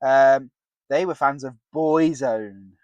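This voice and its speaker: A man's voice: mid-range voice, slow, darkish tone, no room sound, lo-fi sound. A man in his thirties, co-hosting a casual podcast chat, jokey and laughing often, talking into a headset. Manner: jokey, laughs often, sings snatches of songs. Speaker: podcast co-host. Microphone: headset with earpiece.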